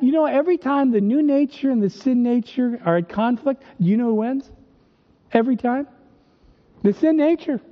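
A man preaching a sermon, emphatic and full of rhetorical questions, slowing down to stress quoted verses. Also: extremely high pitch. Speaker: pastor. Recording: dull sound with long reverb.

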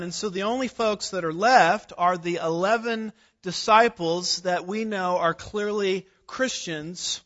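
A man preaching an expository sermon, emphatic, slowing down to stress key words and posing rhetorical questions. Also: high voice, pushed and bright, highs cut off.

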